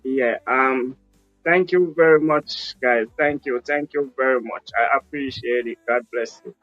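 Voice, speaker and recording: A man's voice: medium pitch, measured pace, a bit bright, no echo. A Jamaican man speaks earnestly and plainly, his English leaning into patois as he tells his story. The sound is dry and dull, like a phone on a live call, with faint music underneath. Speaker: interview guest. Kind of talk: casual storytelling interview.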